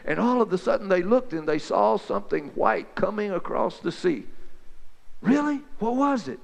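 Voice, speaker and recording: A man telling Bible stories as a folksy, excited back-and-forth chat between two friends. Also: high-pitched, moderate pace, gravelly, in a large hall. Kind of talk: two-voice dramatized Bible storytelling.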